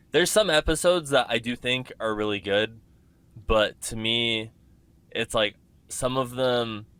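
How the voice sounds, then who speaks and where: A man's voice: on the low side, fairly bright tone, smooth, no echo. A man hosting a podcast, chatting loosely and filling his talk with "like". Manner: loose, filler-heavy, says "like" constantly. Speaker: podcast host. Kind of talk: casual podcast chat.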